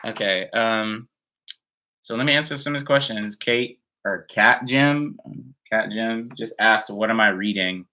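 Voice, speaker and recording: A man with a fairly low, pushed and bright voice talks a little slowly on a live stream from home. He rambles casually through viewer comments, using many fillers and sounding somewhat tired.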